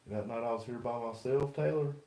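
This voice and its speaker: A man's voice: mid-range voice, quick pace, warm tone. A man hosting a livestream ghost hunt inside a house, calling out insistently to a spirit and chatting with his team. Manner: talks out to a spirit, questioning and insistent. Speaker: paranormal investigator and livestream host. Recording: echoey room.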